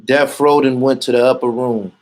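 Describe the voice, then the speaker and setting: A man's voice: medium pitch, fairly even intonation, moderate pace. Boastful, profane man talking casually. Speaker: interviewee. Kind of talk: casual street talk.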